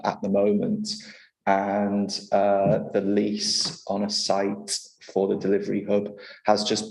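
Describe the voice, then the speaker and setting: A man gives a matter-of-fact update at a council meeting, hesitating with small pauses. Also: on the low side, creaky, poor audio.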